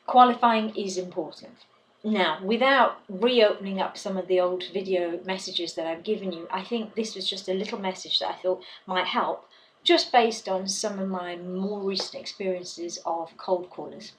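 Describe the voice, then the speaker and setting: A woman's voice: medium pitch, normal speed, slight background noise, low-quality recording. A woman who trains salespeople, talking to camera in an advice video and stressing her points by repeating words. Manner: emphatic, repeats key words for effect.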